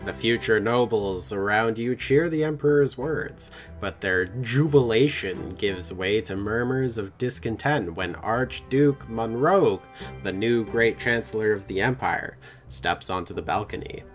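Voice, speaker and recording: A man's voice: on the low side, faint music behind. A man hosting a game play-through, reading the story text aloud and joking between passages in a playful manner. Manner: playful, quick to laugh. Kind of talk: narrating a text game with casual banter.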